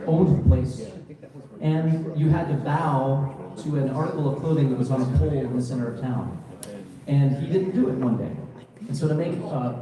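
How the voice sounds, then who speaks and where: A man doing stage banter between songs at a live music bar, telling a story in a rambling, jokey way full of slangy asides. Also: on the high side. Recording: roomy echoey venue from far off with live music.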